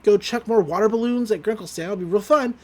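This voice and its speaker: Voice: medium pitch, quick pace, warm tone, lightly acted. Brief: a host doing a flustered lovestruck preteen boy, barely acted. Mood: exasperated. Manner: casual, loosely quoted.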